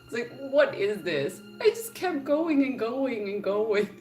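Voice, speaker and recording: A woman's voice: fairly high pitch, lively intonation, slow, a little mellow, faint music behind. A young woman vlogging in a casual chat to camera, telling exasperated stories and laughing often.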